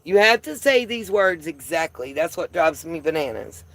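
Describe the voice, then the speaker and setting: A woman's voice: fairly low pitch, animated, normal speed, a bit bright, no room sound. A woman with a Southern accent hosting a casual live stream, chatting with viewers in a folksy way and calling them y'all. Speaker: livestream host.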